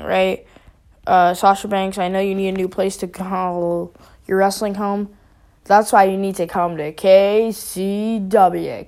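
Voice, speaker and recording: Woman, vlogger, casual rant, rambling, filler-heavy, dark mellow voice. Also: mid-range voice. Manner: rambling, with many fillers and restarts. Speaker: wrestling vlogger.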